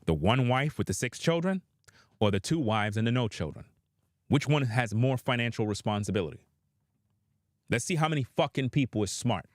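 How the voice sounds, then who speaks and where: A man's voice: mid-range voice, lively intonation, moderate pace. A man giving opinionated reaction commentary, blunt and profane, addressing his viewers directly.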